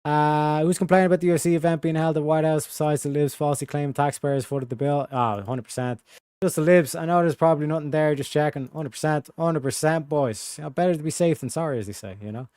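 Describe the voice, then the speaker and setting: A man's voice: on the high side, fairly even intonation, fast, a little mellow, clear, resonant tone, no echo, studio quality. A young man streaming live, rambling casually in slang and reading out viewer donations. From Ireland.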